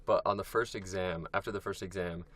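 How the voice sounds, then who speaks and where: Young guy co-hosting a podcast, real low voice, kinda halting, lots of ums. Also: steady tone, a bit bright. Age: young adult. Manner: steers the episode, halting with restarts and ums. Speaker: podcast co-host. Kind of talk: casual chat.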